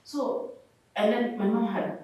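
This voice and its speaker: A young Kenyan woman tells her story in a warm, mellow voice, acting out what others said to her. She sits a little away from the mic, and the room rings with heavy echo. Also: a little high, a little slow. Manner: expressive, acts out quoted people. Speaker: guest mother sharing her story. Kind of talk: personal storytelling interview. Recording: echoey room, far from mic.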